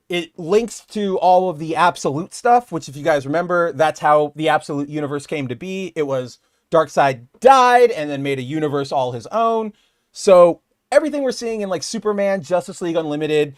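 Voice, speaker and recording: A man co-hosting a casual podcast, rambling and animated as he talks straight to viewers. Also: high voice. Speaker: podcast co-host. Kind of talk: casual chat.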